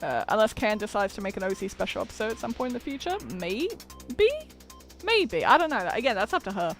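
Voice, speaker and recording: A woman's voice: mid-range voice, expressive, very fast, a bit bright, soft background music. Giggly woman streamer reading a game aloud. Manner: giggly, chatty, self-deprecating.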